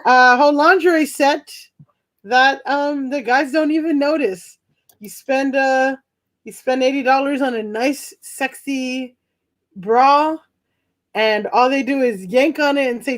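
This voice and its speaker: A young woman performing a stand-up set from home over a video call, rambling, laughing at her own jokes and shouting her punchlines. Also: high voice, a little slow. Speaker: stand-up comedian. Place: home during quarantine.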